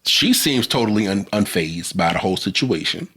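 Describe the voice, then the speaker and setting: A man co-hosting a podcast, casually recapping a movie plot in a lively storytelling way, with lots of filler words. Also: lowish voice, moderate pace, slight background noise. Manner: lively storytelling with frequent "like" fillers, acts out quotes. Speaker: podcast co-host.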